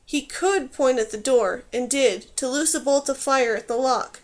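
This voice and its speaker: A woman reading a fantasy novel aloud in steady, clear scripted narration. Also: high-pitched, moderate pace. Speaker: audiobook reader.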